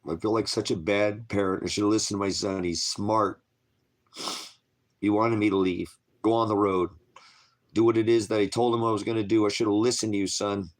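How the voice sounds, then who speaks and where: A man's voice: lowish voice, fairly even intonation, a little fast. A man recording an emotional video message as a father, distraught and self-blaming, his voice breaking as he struggles to hold himself together. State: crying, struggling to keep composure. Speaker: father making a video appeal.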